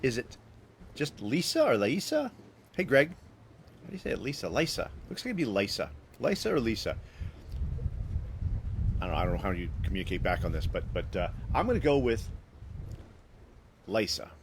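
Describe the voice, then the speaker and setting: A man hosting a live stream, telling a personal story to viewers in an animated, restless way, often restarting his sentences. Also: fairly low pitch, moderate pace, pauses often, slight background noise. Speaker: host.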